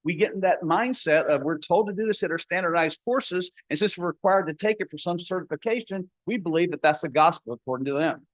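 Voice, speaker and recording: A man's voice: high-pitched, fairly quick, few pauses, no echo, poor audio. Folksy older man, dry close sound. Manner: folksy, acts out dialogue in his story. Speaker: paramedic educator. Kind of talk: conference talk with storytelling.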